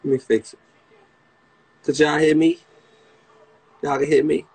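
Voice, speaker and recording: A young man with a Washington DC area accent rambling to viewers on a livestream from a phone. He is profane and excitable, and he jumps into high, yelped quotes. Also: a little slow, husky.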